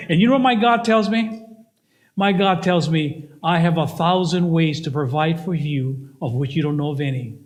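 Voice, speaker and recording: An older man preaching a sermon to his church, telling stories and acting out the voices in them. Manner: storytelling with acted-out voices and big pitch swings. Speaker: pastor. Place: church sanctuary. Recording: long hall reverb.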